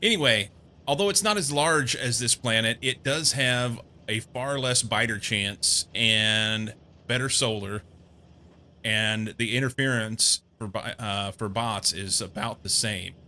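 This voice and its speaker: Slow, bright-voiced man narrating his game. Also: on the low side. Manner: rambling, self-amused, thinking aloud. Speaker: gameplay streamer. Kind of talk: casual game commentary.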